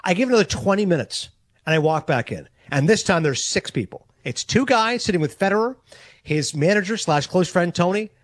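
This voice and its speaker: Fast, high-voiced storytelling man. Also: dry recording. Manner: fast, excitable, self-mocking, acts out dialogue. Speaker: sports radio host. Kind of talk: animated storytelling on a talk show.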